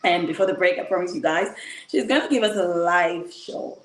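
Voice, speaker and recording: A woman hosting a live-streamed talk show, chatty and quick to laugh, thanking viewers and welcoming her guest. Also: fairly low pitch, reverberant. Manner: chatty, laughs often, calls guests "girl". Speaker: host.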